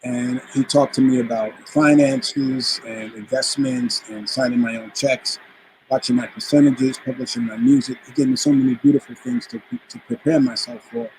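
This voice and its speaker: A man's voice: medium pitch, normal speed, a little hiss or hum, rough recording. A man from the Bronx, a guest musician telling a story in a casual interview and acting out the quoted voices. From the Bronx, New York. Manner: animated anecdote teller who acts out quoted voices.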